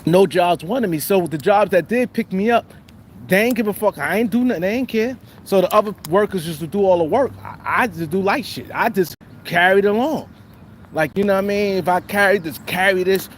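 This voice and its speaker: A man's voice: sits high, brisk, slight background noise. A man telling a story in a rambling, casual way, full of street slang and restarts. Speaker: guest telling his life story.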